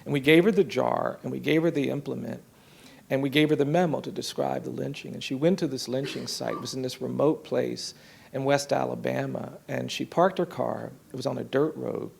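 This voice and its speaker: A man telling a story from his work in an earnest, measured way, voicing the people in it softly. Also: medium pitch, fairly even intonation. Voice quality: gravelly, husky. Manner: earnest, measured storytelling with soft quoted voices. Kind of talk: storytelling talk.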